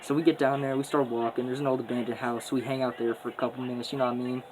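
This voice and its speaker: A man's voice: mid-range voice, level tone, racing, background noise. A young man casually telling a story in profane, boastful street slang, rambling as he goes.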